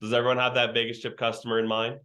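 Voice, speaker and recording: A man's voice: mid-range voice, completely flat delivery, very fast, bright, forceful tone. Slangy young man running a training call. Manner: slangy, joking, teasing the trainees. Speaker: sales trainer. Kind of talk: virtual training session.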